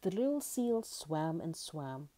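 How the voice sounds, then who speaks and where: Woman storyteller for a children's book, gentle and mellow, lively expressive reading. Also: low-pitched, slow pace. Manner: expressive, gentle read-aloud.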